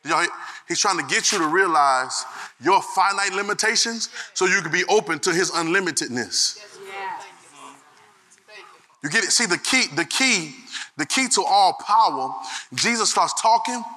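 A man's voice: sits high, lively intonation, normal speed, pauses often, pushed and bright. A man preaching a sermon in a dialect, using call-and-response and shifting his tone. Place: church. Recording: echoey hall, faint noise.

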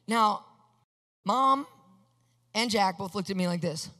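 A preacher delivers a storytelling sermon, animated and expressive, acting out the lines of the people in the story. The tone is bright and forward, and a long hall reverb trails each phrase. Now and then the preacher asks the congregation for an amen. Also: medium pitch, takes it slowly, long pauses. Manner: animated, acts out quotes, asks the congregation for amens.

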